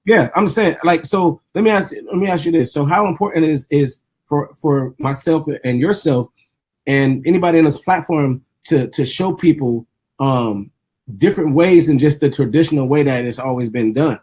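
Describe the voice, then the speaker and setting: A man's voice: a little high, moderate pace, a little mellow, slightly rough. A man hosting a radio interview, asking long rambling questions full of restarts and "you know what I'm saying". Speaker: radio host and DJ.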